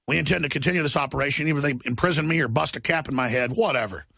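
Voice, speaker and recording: Gravelly ranting radio host man. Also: fairly high pitch, rapid-fire, sharp tone, no room sound, clean studio sound. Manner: ranting, mocking, shifts into sneering put-on voices. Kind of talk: combative talk radio monologue.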